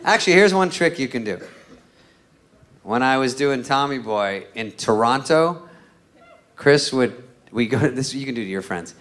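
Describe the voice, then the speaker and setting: A man's voice: mid-range voice, lively intonation, moderate pace, long pauses, a bit bright. A man doing a crude stand-up set, telling self-mocking stories and acting out both sides of the talk. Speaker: stand-up comedian. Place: comedy club stage. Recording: live club recording with audience noise. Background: audience laughter.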